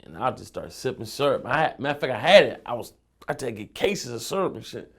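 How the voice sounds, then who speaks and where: Young male rapper guest, gravelly, casual street storytelling with lots of cursing. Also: mid-range voice, big pitch swings, fast talker, a bit bright. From Philadelphia. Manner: loose, streetwise, peppered with profanity and "you know what I'm saying".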